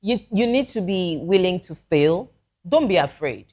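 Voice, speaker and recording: A woman's voice: on the low side, expressive, measured pace, darkish tone. A woman with a Nigerian accent, a guest musician in a casual talk show chat, speaking earnestly and giving advice with frequent restarts.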